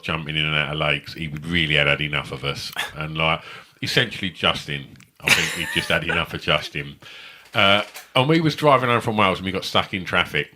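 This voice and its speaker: A man's voice: extremely low pitch, bright, forceful tone. A middle-aged man, co-hosting a comedy podcast, telling rambling, sweary stories and laughing often. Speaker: podcast co-host. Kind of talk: casual chat.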